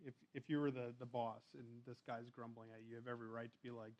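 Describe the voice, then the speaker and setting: A man's voice: medium pitch, little pitch movement, quick pace, few pauses, highs cut off. A man preaching a sermon in a church, talking casually and reading scripture aloud. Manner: conversational, restarts and fillers, reads scripture aloud.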